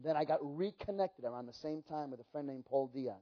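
A man telling stories in a sermon as a pastor, animated and acting out the dialogue himself. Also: a little high, fairly quick. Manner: animated, acts out quoted dialogue. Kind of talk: storytelling sermon. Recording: dull lo-fi recording.

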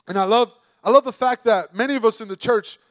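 A man with a strikingly high voice preaches a sermon. He talks emphatically and conversationally and keeps asking his listeners questions. The sound is dry and close, with no room echo. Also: fast talker.

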